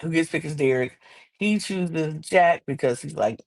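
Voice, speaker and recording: A woman hosting a podcast, chatting casually and animatedly about a reality show, sometimes acting out people in high squeaky voices. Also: moderate pace. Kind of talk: casual chat.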